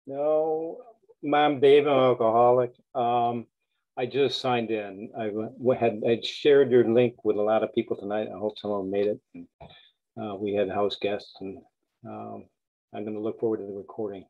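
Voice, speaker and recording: Low-voiced man on a tinny line. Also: level tone. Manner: halting, brief. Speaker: meeting member. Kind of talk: brief share at online recovery meeting.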